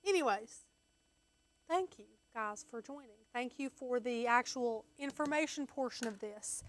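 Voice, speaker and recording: A woman's voice: a little high, a little slow. A young adult woman chatting casually as a co-host, telling stories, acting out quotes and laughing often. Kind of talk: casual livestream chat.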